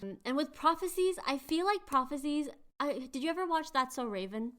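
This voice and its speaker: A woman's voice: high voice, animated, brisk, a bit bright. A woman hosting a podcast, chatting animatedly as she retells myths with quiz-like asides. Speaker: podcast host. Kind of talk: casual chat retelling myths.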